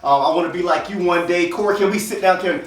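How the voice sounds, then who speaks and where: A man from Florida co-hosting a podcast, speaking about himself in a slow, deliberate, self-assured way. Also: sits high, distant mic. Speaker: podcast co-host. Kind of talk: motivational talk. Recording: echoey room, voice away from mic.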